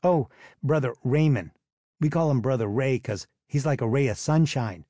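A man's voice: medium pitch, moderate pace, warm tone, no room sound, studio quality, natural voice. A man voicing a friendly, easygoing teenage boy.

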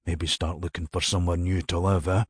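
A man's voice: sits low, flat delivery, a little fast, husky. A man playing a cruel middle-aged married man who dumps his mistress, simpering and condescending, then coarse and sneering.

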